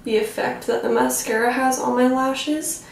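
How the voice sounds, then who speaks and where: Chatty high-voiced young woman, echoey room. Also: steady tone, moderate pace, creaky, slight background noise. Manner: rambling, self-teasing, filler-heavy. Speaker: beauty vlogger. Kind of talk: chatty makeup tutorial. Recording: echoey room, mic at a distance.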